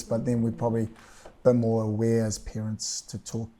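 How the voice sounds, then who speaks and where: A middle-aged man and parent on a panel, talking in a relaxed, rambling way with chuckles. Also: fairly low pitch, normal speed, a little hiss or hum. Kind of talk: casual panel chat.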